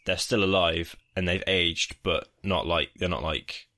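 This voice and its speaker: A man's voice: low-pitched, fairly even intonation, measured pace, sharp tone. A man co-hosting a podcast in casual, rambling chat, laughing easily. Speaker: podcast co-host.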